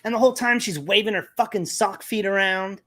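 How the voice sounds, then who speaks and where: A man hosting a podcast, telling a story in casual chat with lots of swearing and animated retelling. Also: high-pitched, fairly quick. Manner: profane, animated storytelling with laughs. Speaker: podcast host.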